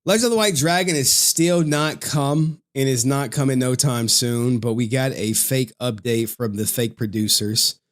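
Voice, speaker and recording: Profane, heated livestream host. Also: male voice, mid-range voice, normal speed, hardly any pauses. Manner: profane, heated, swearing constantly. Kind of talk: casual livestream rant.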